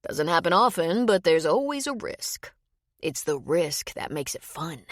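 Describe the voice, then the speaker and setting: Woman voicing a slick male con man, teasing and sinister, low voice, dry close sound. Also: sing-song, measured pace, dry recording. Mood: gloating. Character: smooth adult male con man, charming then menacing.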